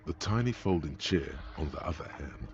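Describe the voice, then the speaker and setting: A man narrating a video game as a grave, measured inner voice. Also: extremely low pitch, lively intonation, darkish tone, highs cut off. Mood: ominous. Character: ominous inner-voice male narrator, older and gravelly. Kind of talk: scripted narration.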